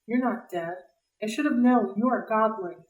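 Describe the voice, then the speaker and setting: A woman voicing a smooth, cold and greedy male ferryman of the dead who speaks in a silky, mocking way with a faintly British lilt. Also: on the high side, normal speed, natural voice. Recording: roomy, distant mic.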